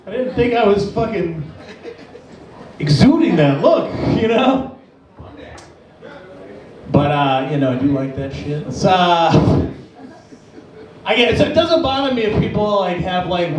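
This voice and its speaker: A man from Las Vegas doing a stand-up set, telling profane stories and yelling out other people's lines. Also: sits high. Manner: profane storytelling, acts out shouting characters. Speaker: stand-up comedian. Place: comedy club stage. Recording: echoey club, distant mic.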